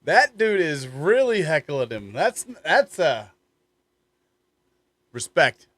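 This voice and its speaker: Slow, blunt, foul-mouthed man. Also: a little high, very animated, dry recording. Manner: blunt and profane. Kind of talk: political reaction commentary.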